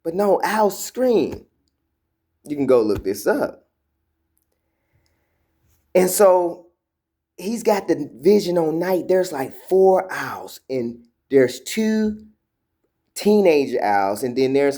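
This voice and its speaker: A man's voice: on the high side, takes it slowly, long pauses. A man casually telling a personal spiritual story, rambling with many fillers and repeated words, acting out quotes as he goes. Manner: retells quotes in a lively animated way.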